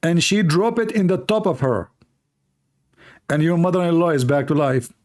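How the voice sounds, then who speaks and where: A man's voice: a little high, normal speed, a little mellow. A man hosting his own online show in a sarcastic, mocking monologue, speaking English with non-native grammar.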